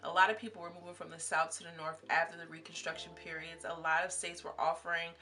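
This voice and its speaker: A woman's voice: on the low side, flat delivery, fast, bright, forceful tone. A young woman vlogger giving chatty, emphatic commentary on a series and talking straight to her viewers. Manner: chatty and emphatic, addressing viewers as sis and girl. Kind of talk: casual commentary.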